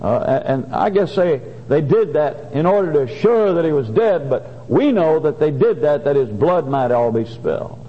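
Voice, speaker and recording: A man preaching a sermon and reading scripture in a folksy, halting way with many restarts. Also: on the high side, very animated. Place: church. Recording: dull lo-fi church recording with long reverb.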